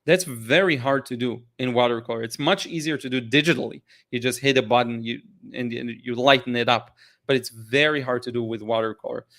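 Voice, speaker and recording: His mid-range voice is a bit bright and a little fast as he hosts a live art Q&A. Chatting casually about paintings in a livestream, he's enthusiastic yet tired, yawning and rambling with restarts and fillers.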